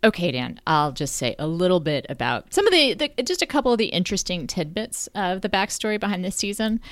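A middle-aged woman co-hosting a casual podcast, her pitch swooping up and down as she teases her co-host with wry, deadpan asides. Her voice is close and dry, with no room sound around it. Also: brisk, dry recording. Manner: wry, deadpan humor with playful rhetorical questions.

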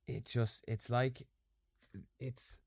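A man's voice: mid-range voice, little pitch movement, very slow, gravelly, darkish tone, no echo, clean studio sound. A man co-hosting a podcast in casual chat, joking around playfully. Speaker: podcast co-host.

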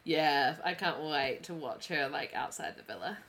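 A woman's voice: low voice, expressive, normal speed, over a noisy crowd. A woman in her thirties co-hosting a podcast in casual chat, talking in a giggly, chatty way full of "like" fillers. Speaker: podcast co-host.

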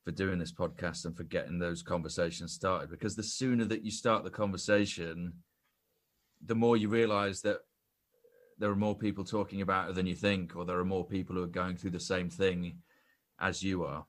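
A man's voice: sits low, fairly even intonation, moderate pace. A young man, a podcast guest and actor, telling a self-deprecating story in casual chat with frequent restarts.

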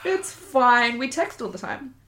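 A woman's voice: fairly high pitch, big pitch swings, unhurried, reverberant, noisy background. A young woman from Victoria in Australia with an Australian accent, chatting casually and giggly, swearing now and then. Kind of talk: casual chat.

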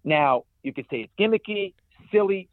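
A man, a guest in an interview, telling stories in an energetic way with many restarts. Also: high-pitched, moderate pace, dry recording. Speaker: guest, ultrarunner. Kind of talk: conversational interview. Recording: tinny phone-like dry sound.

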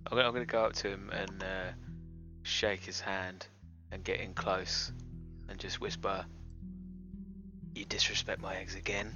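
A man playing in a tabletop role-playing game, joking in a deadpan, menacing way. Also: low voice, moderate pace, lo-fi sound, over music. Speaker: player.

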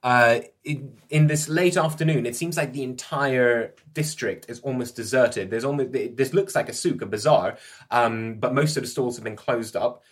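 A man's voice: mid-range voice, normal speed. A man running a tabletop role-playing game as game master, narrating in a rambling way with frequent laughs. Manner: rambling, laughs often, restarts sentences.

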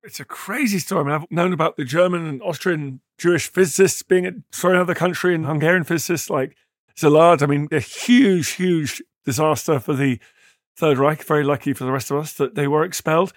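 A man's voice: a little high, brisk, no echo, clean studio sound. Upbeat male podcast host. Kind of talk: reading an ad, then interviewing.

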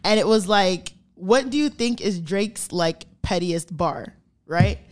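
A woman's voice: on the low side, lively intonation, slow pace, darkish tone. A woman co-hosting a podcast, telling stories in casual chat, acting out quotes and swearing freely. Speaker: podcast co-host.

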